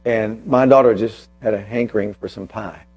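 A man preaching a sermon as pastor, telling a personal story and then slowing down to press his points with emphasis. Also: on the low side, steady tone, a little mellow, slightly rough, muffled recording.

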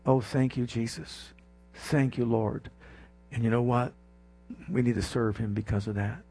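A male preacher delivering a passionate sermon, swinging from soft, intimate passages to rising exclamations and calling on the congregation to respond. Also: medium pitch, fairly even intonation, measured pace, slightly rough.

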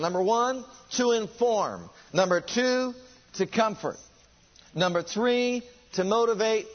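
A man's voice: sits high, highs cut off. A man preaching a sermon, driving his points home with rhetorical questions and emphatic repetition.

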